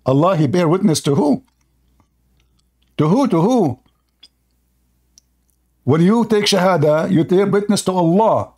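A man's voice: high-pitched, lively intonation, a little slow, pauses often, darkish tone. A man in a heated online debate, mocking and hammering the same question again and again. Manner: mocking, insistent, hammers one question with repeats.

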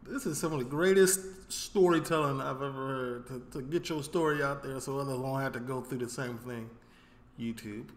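A man from Chicago hosting a reaction video, with excited reaction commentary. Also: mid-range voice, normal speed. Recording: echoey room.

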